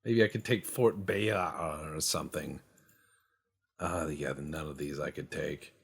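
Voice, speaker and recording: A man with a deep, husky voice riffs casually over his gameplay. He rambles from thought to thought, tossing in profane jokes and goofy boasts in a loose, unscripted way. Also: fairly even intonation, unhurried. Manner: rambling, joking, profane banter. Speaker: game streamer.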